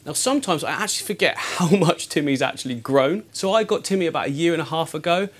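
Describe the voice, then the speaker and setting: A man hosting a fishkeeping vlog from his home tank studio, chatting eagerly to camera with frequent laughs, his voice deeper from the early morning. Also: expressive, fast, fairly bright tone. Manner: chatty and enthusiastic, laughs often. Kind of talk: casual chat to camera.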